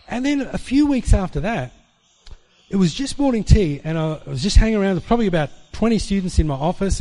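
Man preaching a lively testimony. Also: a little high. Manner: animated storyteller acting out dialogue. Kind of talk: sermon testimony storytelling.

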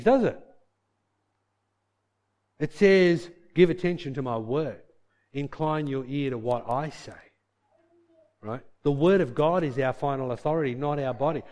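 A man's voice: a little high, darkish tone. A man preaching a sermon in a chatty style, acting out little dialogues as he goes. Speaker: pastor.

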